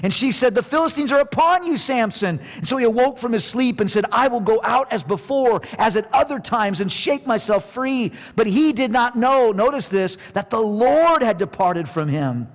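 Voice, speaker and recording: A man preaching a sermon, passionate, going from quiet to near shouting and acting out scripture quotes. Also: extremely high pitch, expressive, moderate pace, few pauses. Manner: plays out Bible quotes in acted voices. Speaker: pastor. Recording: dull sound with long hall reverb.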